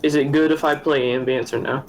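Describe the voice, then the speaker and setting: A man's voice: medium pitch, fairly even intonation, brisk, slight background noise, rough recording. A man playing a tabletop game, chatting casually and describing his character as he thinks aloud.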